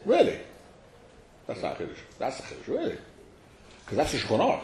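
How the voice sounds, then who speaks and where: A man teaching a study class, explaining a text to his students in an animated, questioning way and calling on them by name. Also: fairly high pitch, fairly quick, a little hiss or hum. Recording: echoey room.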